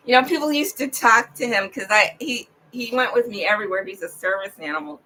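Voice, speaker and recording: A woman at home giving a rambling, digressive livestream monologue, talking slowly and drawing out her words. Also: mid-range voice, bright, forceful tone, rough recording. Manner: slow, digressive and drawn out.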